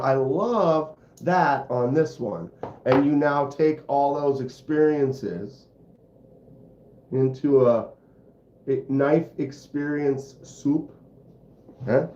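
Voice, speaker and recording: A man's voice: medium pitch, mellow. A man hosting a casual livestream and chatting in a rambling, self-deprecating way. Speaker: host of a knife channel livestream. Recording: roomy, slightly dull sound.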